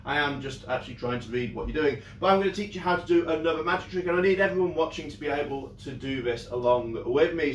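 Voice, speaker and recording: A man's voice: on the high side, slight background noise. A young man who entertains children, teaching a magic trick in a playful, jokey way on a live stream from a room at home. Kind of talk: live online magic lesson for kids. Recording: roomy echo, mic at a distance.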